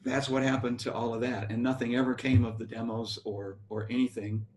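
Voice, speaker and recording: A man's voice: medium pitch, flat delivery, brisk, darkish tone, a little hiss or hum. Older man telling band stories. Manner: rambling anecdotal storytelling with restarts. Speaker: guest musician, bass player. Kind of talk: storytelling interview.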